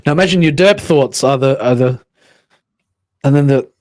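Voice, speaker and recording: A man hosting a livestream, musing in a halting way and reading chat comments aloud. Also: medium pitch, a little mellow, dry recording. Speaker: livestream host.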